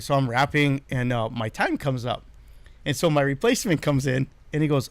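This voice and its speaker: A man's voice: medium pitch, brisk, no echo. A man co-hosting a casual podcast, telling loose stories and laughing often. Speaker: podcast co-host. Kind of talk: casual chat.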